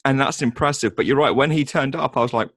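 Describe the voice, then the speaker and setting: A man's voice: mid-range voice, fast talker, a bit bright, no echo, clean studio sound. A man co-hosting a casual film review chat, hesitant with many ums and restarts, and sarcastic. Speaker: podcast co-host.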